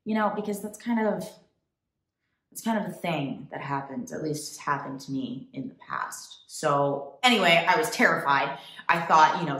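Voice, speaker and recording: A woman from the United States, a travel vlogger, telling a story to camera in a chatty, animated way. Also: mid-range voice, measured pace, echoey room. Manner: chatty, animated, quotes people in put-on voices.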